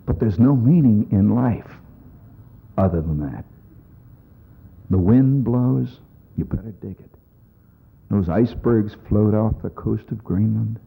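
Wry, husky man on a tinny recording. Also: lowish voice, takes it slowly, pauses often. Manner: wry, rambling, conversational. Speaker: storyteller performing to an audience. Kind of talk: rambling humorous monologue.

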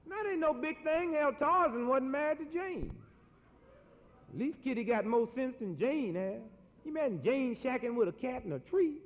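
A man delivering a satirical storytelling monologue in a preacherly, animated way, with folksy slang. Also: very high voice, moderate pace, a little hiss or hum. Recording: dull lo-fi recording in an echoey hall.

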